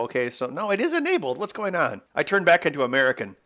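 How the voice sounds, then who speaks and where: A man's voice: a little high, huge pitch swings, fast talker, few pauses, pushed and bright. A man hosting an electronics video, talking casually to himself as he works through a problem. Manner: muttering to himself while working. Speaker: electronics maker host. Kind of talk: casual work-along narration.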